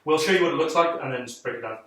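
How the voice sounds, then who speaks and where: A man teaching a casual online dance class, chanting rhythm counts aloud and talking excitably with many fillers. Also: mid-range voice, very fast. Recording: echoey room, distant mic, noisy.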